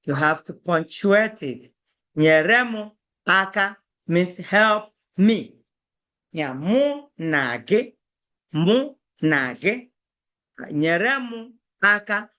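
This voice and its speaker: A woman with an Igbo accent teaching a language lesson, slowly repeating words for her students to learn. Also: medium pitch, expressive, fairly bright tone. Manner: slow and deliberate, repeating words for drill. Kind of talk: slow classroom teaching.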